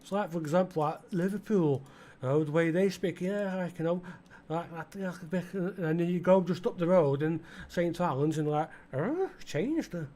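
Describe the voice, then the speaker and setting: On the high side yet dark in tone, this man talks at normal speed with fairly even intonation and few pauses. A middle-aged gaming channel host with an East Midlands English accent, he keeps up casual let's-play commentary, rambling and chatty with many fillers as he speaks to the game's customers.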